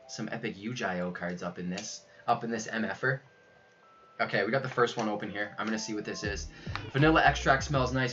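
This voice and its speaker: A young man livestreaming a card unboxing, excitable and loud, saying yo over and over and laughing as he goes. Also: medium pitch, highs cut off. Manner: hyped, keeps saying yo, yells and laughs. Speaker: streamer unboxing trading cards. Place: his room at home.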